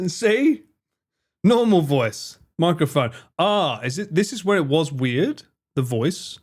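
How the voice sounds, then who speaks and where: A man's voice: on the high side, sing-song, slow, breathy edge. A man streamer giving casual reaction commentary, chatty, laughing and swearing.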